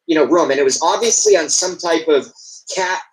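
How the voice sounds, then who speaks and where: A man's voice: fairly high pitch, fairly quick, poor audio. A man calling into a live show over a video call, telling a goofy story with hesitant restarts. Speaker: call-in guest.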